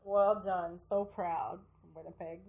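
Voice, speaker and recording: A woman's voice: lowish voice, fairly even intonation, takes it slowly, darkish tone. A woman in casual podcast chat, teasing and swearing freely. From Canada.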